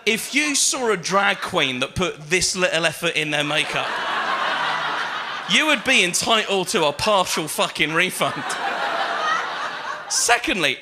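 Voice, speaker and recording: A man doing a stand-up comedy routine on stage, chatty and full of fillers, swearing and building to shouted punchlines. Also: high voice, wildly swooping pitch, normal speed, heavy background noise. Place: comedy stage with live audience.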